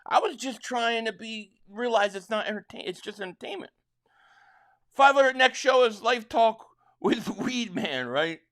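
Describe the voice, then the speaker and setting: A man from Philadelphia hosting a live football watch-along, excitably calling plays and reading viewer chats, stammering on restarts. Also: very high voice, a little slow. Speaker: livestream host and fan.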